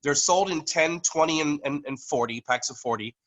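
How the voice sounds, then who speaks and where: Bright-voiced man, halting. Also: on the high side, low-quality recording. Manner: halting, with many fillers and restarts. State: coughing from allergies. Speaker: network marketing leader presenting to a team. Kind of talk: online business meeting presentation. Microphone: computer microphone on a video call.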